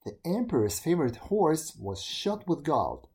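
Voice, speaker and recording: Expressive fairy tale reader, mellow tone. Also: a little slow. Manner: expressive, shifting pitch for emphasis. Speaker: storyteller.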